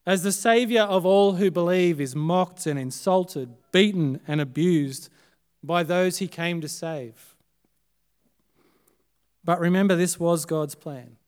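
An Australian man preaches a Good Friday sermon in a high, smooth, resonant voice. He builds phrases up with emphasis, then lets them fall away almost to a hush. The delivery is dramatic and deliberate. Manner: dramatic, swinging between loud emphasis and hushed, quiet phrases. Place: church service.

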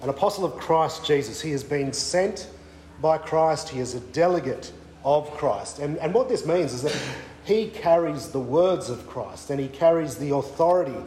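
A man's voice: on the high side, warm tone, echoey room, a little hiss or hum, poor audio. An Australian man preaching a sermon at a weekend away, conversational, with frequent fillers and restarts. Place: church weekend away venue.

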